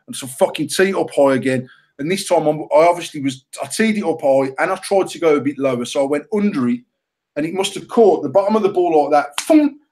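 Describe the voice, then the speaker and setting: Swearing British man telling stories. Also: on the high side. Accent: British English. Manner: heavy swearing, animated and self-mocking. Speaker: podcast co-host. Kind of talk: casual storytelling chat.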